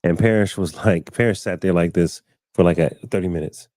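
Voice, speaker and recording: A low, mellow male voice, fairly quick, recorded dry in studio quality. He's the host of an informal live-stream talk show who tells stories, acts out quoted people, and repeats words frequently as he reaches for his point.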